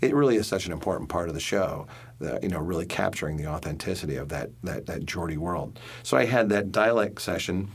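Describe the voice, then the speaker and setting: A man, a stage actor, telling a story in a casual interview, halting with many restarts, then speaking in animated bursts. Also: low voice, creaky, breathy edge.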